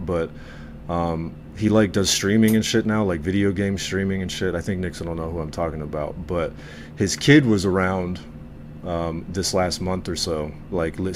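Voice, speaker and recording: A man's voice: low voice, fairly quick, slight background noise. A man co-hosting a casual group chat among veterans, talking bluntly with lots of swearing. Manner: blunt, profane, animated storytelling. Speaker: podcast co-host, veteran.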